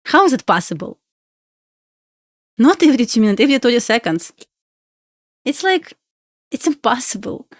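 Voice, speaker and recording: A woman's voice: on the high side, very animated, moderate pace, long pauses, dry recording. Woman, Russian accent, casual live-stream chatter, coaxing and playful, dry close sound. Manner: chatty, pleads with the chart, laughs often. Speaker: live day-trading streamer.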